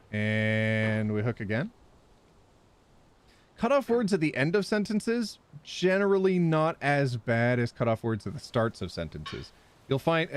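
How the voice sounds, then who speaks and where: A man live-streaming a game, chatting with viewers, yelping and laughing as he plays. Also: mid-range voice. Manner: animated, yelps and laughs while playing, chats with viewers.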